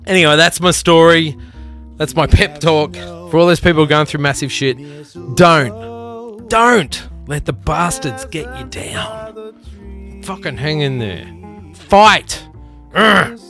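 Brief: earnest, foul-mouthed podcast host, a touch high-pitched, soft music bed. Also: male voice. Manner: profane, earnest, rambling. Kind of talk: casual pep talk and anecdote.

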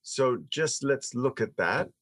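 Guy teaching a bible text class, really lively up-and-down voice, reads verses dramatically. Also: medium pitch, takes it slowly. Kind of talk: text study lecture.

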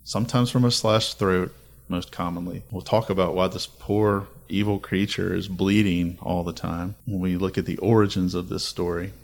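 A man hosting a casual podcast chat, telling spooky folklore with dramatic, building lists. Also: fairly low pitch. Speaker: podcast host.

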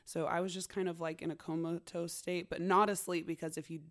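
Speaking fairly quickly in a low-side voice, this podcast host in her forties tells a story in a lively, chatty way, laughing frequently and performing the quotes she relays.

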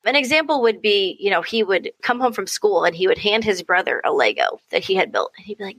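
The audio is poor but without echo as a young adult woman, a podcast guest and mom, chats briskly in a mid-range voice. She tells animated stories, imitating voices and laughing a lot.

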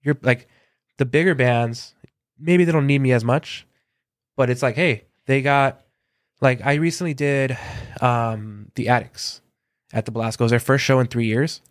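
A man's voice: medium pitch, normal speed, no echo, clean studio sound. Chatty man telling stories with lots of "like". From Southern California. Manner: animated anecdotes, acts out quoted dialogue, many fillers. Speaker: guest, concert photographer. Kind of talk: casual storytelling in an interview.

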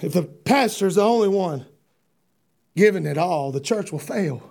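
Man, preacher, high voice, fervent sermon, repeats himself for emphasis. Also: animated, normal speed, gravelly. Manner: impassioned, builds to shouting; repetitive, rhetorical questions.

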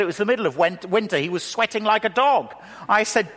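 A man preaching a sermon who speaks with lively emphasis and slows into a hushed, measured tone when leading a prayer. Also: high-pitched. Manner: lively delivery, drops to a slow hushed tone for prayer. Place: church hall. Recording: reverberant hall.

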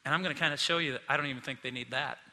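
A middle-aged male pastor giving an animated sermon, acting out the disciples in quick asides. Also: mid-range voice, in a large hall.

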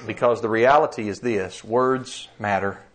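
A man preaching a sermon, earnest and emphatic, slowing down to read scripture. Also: fairly low pitch, a little hiss or hum.

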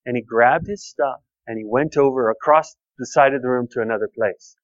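A man's voice: medium pitch, fairly quick, no room sound, dull audio. A pastor preaching a conversational sermon, repeating key phrases and telling personal stories to his congregation.

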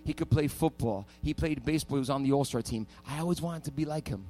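A man preaching a sermon as pastor, telling stories with animated energy and building to loud, fervent preaching. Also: a little high, fast, faint music behind.

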